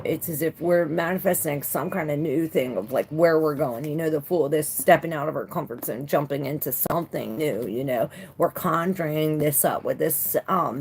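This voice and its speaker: A woman's voice: deep voice, creaky, slight background noise. A woman doing a casual live tarot reading who talks loosely, swears freely and greets viewers by name. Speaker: tarot reader.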